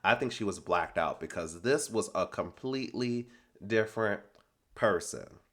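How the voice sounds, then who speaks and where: Sassy, animated man recapping reality TV. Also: on the low side, unhurried. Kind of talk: casual reality TV recap commentary.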